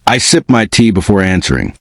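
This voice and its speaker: A man narrating a first-person spooky story in an expressive, unhurried way. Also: on the low side, dry recording.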